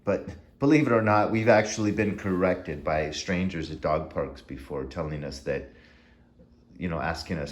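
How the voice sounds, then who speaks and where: A man's voice: low voice, moderate pace. A middle-aged man casually reviewing gear in a vlog, rambling and drifting off on tangents.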